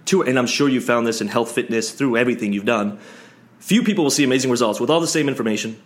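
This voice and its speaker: A man hosting an interview, asking long winding questions and thinking out loud about his coaching business. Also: mid-range voice, fast. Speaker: podcast host, business coach. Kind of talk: casual conversational interview.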